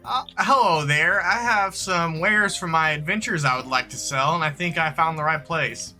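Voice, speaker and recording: A man's voice: a little high, normal speed, bright, forceful tone, faint music behind. A man playing a tabletop game, bargaining in character. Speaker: player. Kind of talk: tabletop role-play.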